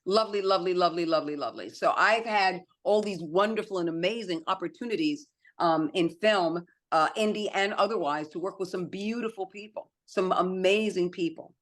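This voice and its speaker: Animated middle-aged woman telling stories. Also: lowish voice, fairly quick, few pauses. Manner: animated storyteller, acts out quotes. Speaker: guest. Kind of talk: casual podcast chat.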